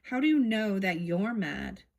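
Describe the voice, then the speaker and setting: A polite, curious young girl from a storybook, read aloud by a woman. The voice stays near an everyday reading voice, at a middling pitch, with a questioning lilt. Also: big pitch swings, unhurried, creaky.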